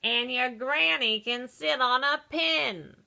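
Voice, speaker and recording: A woman's voice: high-pitched, sing-song, unhurried, gravelly, pushed and bright, pitched above the performer's own voice, exaggerated voice. A woman voicing rude little male pigs in a children's story, snapping indignant retorts.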